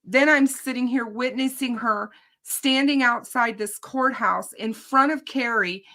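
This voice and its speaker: A woman's voice: on the high side, measured pace, pushed and bright. A woman hosting a true crime channel, telling viewers about her day in court in an emphatic, indignant casual way.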